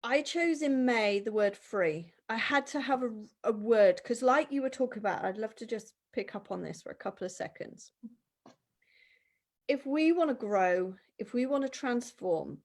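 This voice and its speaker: A woman chatting as a guest, animated and acting out the voices of people she quotes. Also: a little high. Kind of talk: casual conversation.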